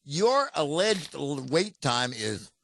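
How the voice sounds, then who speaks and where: A man's voice: on the high side, very animated, slow pace, vocal fry, fairly bright tone, no echo. A man co-hosting a podcast, chatting casually and teasing his partner. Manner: playful banter, teasing. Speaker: co-host. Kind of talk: casual chat.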